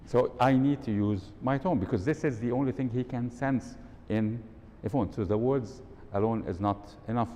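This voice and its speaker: Here a mellow-voiced man talks at a moderate pace, hardly pausing, while running a live workshop in an event hall where he quizzes listeners and demonstrates vocal tones. Long reverb from the hall and a faint rumble color the sound.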